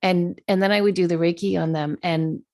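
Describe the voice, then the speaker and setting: A woman's voice: fairly low pitch, fairly even intonation, fairly quick, darkish tone. A woman co-hosting a podcast who asks curious questions and tells stories from her own practice. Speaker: podcast co-host. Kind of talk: casual spiritual chat.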